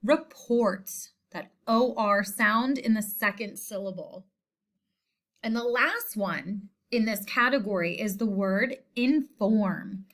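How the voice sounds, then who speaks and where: A woman teacher giving a spelling lesson, speaking slowly and deliberately and repeating each word. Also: mid-range voice, fairly bright tone. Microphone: screen recording voice-over.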